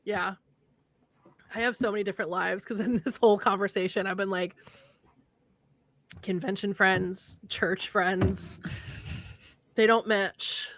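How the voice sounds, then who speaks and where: A woman's voice: medium pitch, measured pace, long pauses, dry recording. A young woman hosting a casual livestream chat, telling stories with lots of laughter. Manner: animated storyteller, laughs often. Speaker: podcast host.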